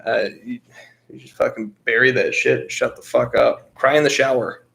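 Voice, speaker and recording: A man's voice: medium pitch, steady tone, normal speed, gravelly, fairly bright tone. A man in his twenties co-hosting a podcast, telling a story in a blunt, rambling, profane way. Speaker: podcast co-host. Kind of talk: casual storytelling chat.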